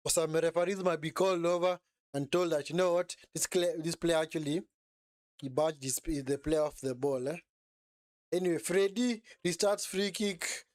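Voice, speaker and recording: Excitable man streaming live football commentary. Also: a little high, normal speed, no room sound. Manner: excitable, repeats phrases, frequent tag "eh?". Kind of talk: live match commentary and chat.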